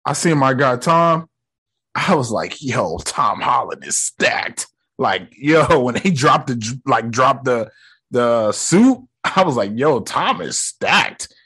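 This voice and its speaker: A man's voice: mid-range voice, very animated, takes it slowly, pushed and bright, slightly rough. A young man hosting a podcast, recapping a movie in casual slang and mocking the characters in quoted voices. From United States. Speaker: podcast host.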